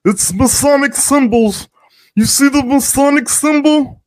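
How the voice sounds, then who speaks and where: A man voicing a mocking, high-pitched, conspiracy-obsessed man who insists on everything. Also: measured pace, poor audio. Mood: shrill mocking. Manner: shrill, insistent, overexcited.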